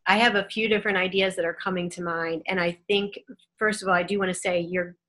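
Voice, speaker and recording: A woman with a fairly low voice hosts a question-and-answer session over a video call. She talks gently and reassuringly, with a soothing, caring manner. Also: steady tone, fast talker. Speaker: host. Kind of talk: hosting a live online Q and A.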